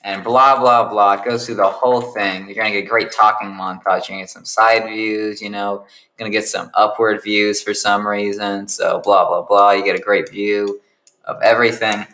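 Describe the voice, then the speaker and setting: A man's voice: on the low side, level tone, normal speed, sharp tone. A young man improvising the narration of a fan story, rambling with joking asides.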